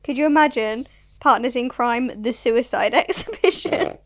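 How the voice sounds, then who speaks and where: High-voiced woman co-host, eager reactions. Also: no echo. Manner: eager, quick reactions and laughter. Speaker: podcast co-host. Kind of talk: casual chat.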